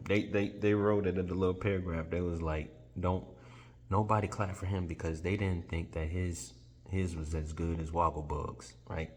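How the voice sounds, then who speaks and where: A man retelling a children's story in an animated, chatty way, often correcting himself as he goes. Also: sits low, in a large hall.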